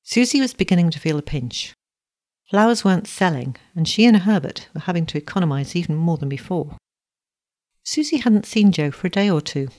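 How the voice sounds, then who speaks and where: A woman narrating a storybook in a steady, expressive reading voice. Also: on the low side, brisk.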